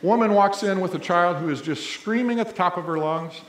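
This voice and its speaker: A brisk, high voice belongs to a middle-aged man from Missouri who heads a college. Speaking in a big, echoey indoor hall, he gives a ceremony speech full of humorous stories, told conversationally and aimed squarely at the audience.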